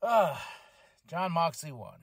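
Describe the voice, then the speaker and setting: An excitable man hosts a casual podcast with a fairly high voice. He swears freely and breaks into laughter as he talks, and his voice sounds dry and close with no room around it. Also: takes it slowly, slightly rough, no echo. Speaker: podcast host. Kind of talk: casual chat review of a wrestling show.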